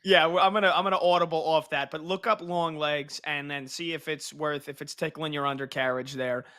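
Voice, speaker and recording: A man's voice: a little high, steady tone, a little fast, bright, forceful tone. A man co-hosting a sports radio show, chatting and joking in casual banter.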